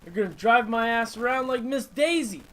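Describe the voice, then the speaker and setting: A man's voice: very high-pitched, expressive, moderate pace, a bit bright, pitched above the performer's own voice. A man voicing his bossy wife, who scolds and dismisses him. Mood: nagging. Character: nagging bossy wife, grown woman.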